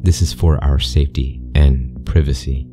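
A man voicing a mysterious male interviewer speaking through a speaker, calm, polite and cold, with an accent that is neither British nor American. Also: rumbling low, moderate pace, over music. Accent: unplaceable accent, neither British nor American.

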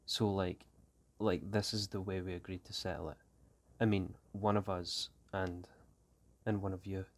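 A man's voice: deep voice, little pitch movement, unhurried. A man voicing a wary teenage gang boy. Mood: guarded. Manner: slangy street talk, guarded and restless.

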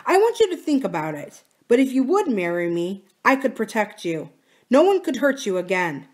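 A woman's voice: a little high, sing-song, moderate pace, a little mellow, voice pushed up. A woman reading as Adam, an earnest young farmer. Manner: earnest, pleading.

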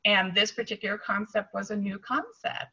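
Woman guest, chatty and informal, gravelly husky voice, dull lo-fi sound. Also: medium pitch, normal speed, bright, forceful tone. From United States. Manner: chatty, with frequent restarts and fillers. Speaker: guest, Amazon seller trainer. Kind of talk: casual conversation.

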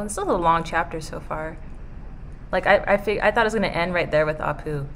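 A woman's voice: lowish voice, fairly quick, a little hiss or hum. A young woman live-streaming her reaction while reading aloud, emotional and given to swearing and exclaiming.

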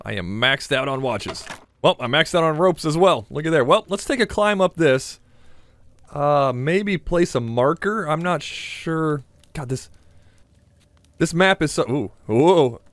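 Higher-pitched young man joking through a horror game. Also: expressive, unhurried, fairly bright tone, no room sound. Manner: joking, talks to the viewers, swears, startles easily. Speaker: gaming channel host. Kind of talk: survival horror let's play commentary.

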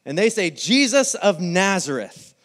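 A male pastor preaching a sermon, telling the story with lively quoted voices. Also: high voice, measured pace. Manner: animated storytelling, acting out the scene in quoted voices.

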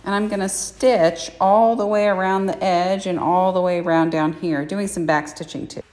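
A woman's voice: lowish voice, fairly even intonation, normal speed, darkish tone, big-room sound. A woman giving a chatty, plain-spoken sewing tutorial in a home kitchen, explaining each step. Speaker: sewing instructor. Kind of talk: casual how-to tutorial.

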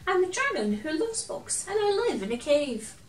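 A woman's voice: very high-pitched, sing-song, normal speed, distant mic, pitched above the performer's own voice. A woman voicing a friendly, shy young male dragon who loves books, speaking eagerly and stumbling a little over his words in a storybook read-aloud. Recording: roomy echo, from off the mic.

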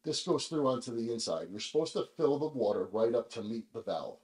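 A man hosting a casual video, explaining things in a relaxed, chatty way with lots of fillers, speaking in a kitchen. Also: mid-range voice, brisk, roomy sound, low-quality recording. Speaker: vlog host. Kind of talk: casual demonstration.

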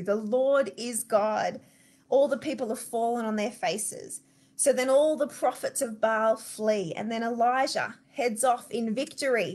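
Australian woman telling a Bible story. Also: on the high side. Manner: lively storyteller, conversational, addresses listeners directly. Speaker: church devotional speaker.

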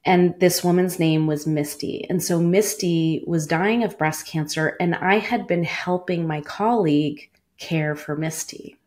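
A woman's voice: fairly low pitch, measured pace, hardly any pauses, darkish tone. A woman in her forties, a former cancer doctor, earnestly telling a personal story in an interview, with many "like" fillers.

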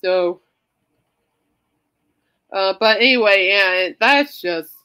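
Woman podcast host, tearful, halting delivery, mid-range pitch; leads casual chat and prayer. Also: bright, forceful tone, clear, resonant tone, poor audio. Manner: emotional, halting, trying not to cry.

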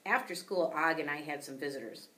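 A woman teacher reading a children's book aloud with expressive storytelling. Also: low voice, brisk, far from the mic.

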